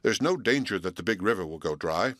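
A man's voice: deep voice, lively intonation, a little fast, a bit bright, no echo. A man voicing an eager, short-legged young male otter in a storybook.

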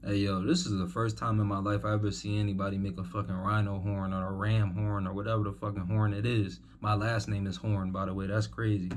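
A man's voice: fairly low pitch, little pitch movement, a little fast, few pauses. A young man giving rambling, profane, incredulous commentary while hosting a reaction video.

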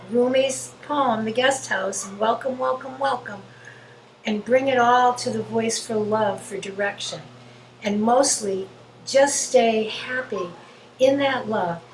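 Woman talking about love and forgiveness, kinda high voice, soft hiss in the background. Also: reverberant, poor audio. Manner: earnest, gentle, quotes herself in dialogue. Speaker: spiritual group member sharing. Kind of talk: heartfelt spiritual sharing.

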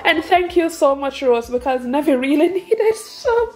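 High-voiced, gushing young woman. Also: lively intonation, measured pace. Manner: gushing, emotional, laughs often. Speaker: family vlogger, mother. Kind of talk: casual unboxing vlog.

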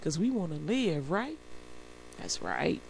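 A woman's voice: fairly low pitch, slow, vocal fry, a crowd in the background. A woman radio host telling a story in a casual on-air monologue. She acts out the voices of the people in it and laughs often between remarks. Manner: animated storyteller acting out quoted voices. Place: radio studio.

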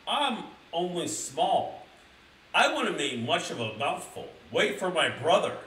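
A man voicing a small, timid young male goat from a storybook, pleading in a high, squeaky voice. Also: sing-song, slow pace, bright, forceful tone, reverberant, distant mic, exaggerated voice, rough recording.

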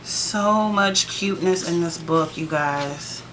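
A woman with a lowish, bright, forceful voice gushes through a sticker book flip-through. She talks straight to her viewers and throws in sassy, playful asides. A faint hiss sits under her voice. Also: slow. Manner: chatty and gushing, keeps addressing the viewers. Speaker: planner sticker vlogger.

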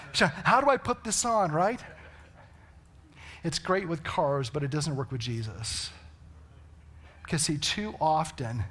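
A man's voice: high-pitched, pushed and bright. A man preaching a sermon, telling stories and asking the congregation rhetorical questions. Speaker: pastor. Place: church sanctuary.

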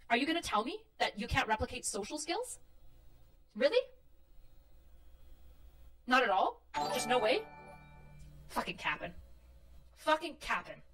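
A woman's voice: on the high side, fairly bright tone. Exasperated profane woman ranting on stream. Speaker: livestreamer. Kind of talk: heated stream rant. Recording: distant mic with faint room noise.

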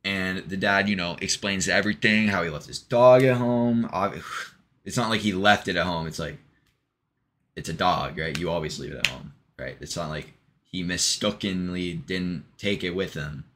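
A man's voice: low-pitched, normal speed, a bit bright, a little hiss or hum. A man casually retelling a long joke in a rambling monologue, full of ums, restarts and offhand swearing. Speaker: vlogger.

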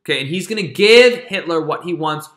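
Bright-voiced, chatty male history teacher. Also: on the high side, animated, a little fast. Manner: casual and chatty, with frequent check-ins. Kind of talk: classroom history lecture.

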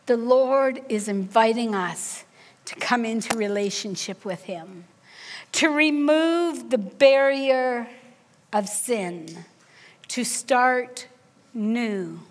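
Woman preacher, middle-aged, high voice, unhurried storytelling, church reverb. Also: a little hiss or hum. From Canada. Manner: animated storyteller, acts out dialogue. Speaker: guest preacher. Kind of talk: sermon with personal storytelling. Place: church sanctuary.

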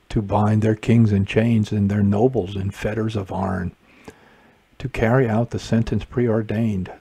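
A man leading morning prayer, reciting psalms and responses in a measured liturgical way. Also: on the low side, dark tone, slightly rough. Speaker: prayer leader.

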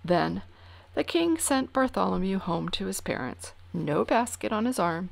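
A woman reads a children's picture book aloud at a slow, unhurried pace, her pitch moving in a lively way. She sinks into hushed whispers at tense moments. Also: creaky. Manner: expressive, hushing to whispers for suspense. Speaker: storyteller.

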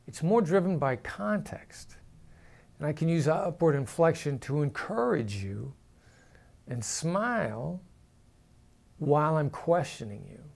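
A man, a negotiation expert, explaining technique in a calm, measured talk with deliberate emphasis. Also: on the high side, creaky.

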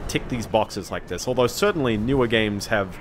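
A man's voice: lowish voice, lively intonation, moderate pace, background noise. A man streaming a game, giving rambling, chatty commentary full of fillers and small laughs. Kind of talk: casual gameplay commentary. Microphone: desk microphone.

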